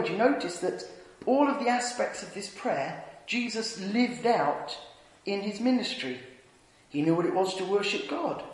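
Earnest preacher in an echoey hall. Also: male voice, high voice. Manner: earnest storytelling, dropping to a hush on tender points. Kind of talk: sermon. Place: church.

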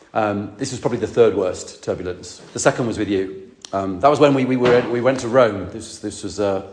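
A male priest preaching to a congregation, telling a personal story with many restarts and asides. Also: mid-range voice. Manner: rambling, self-correcting storyteller with asides to the congregation.

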